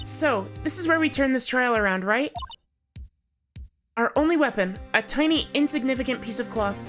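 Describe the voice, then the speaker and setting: A woman's voice: high-pitched, animated, normal speed, voice pushed up. A woman voicing an earnest young assistant. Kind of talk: voicing a game character on a livestream. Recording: game music playing underneath.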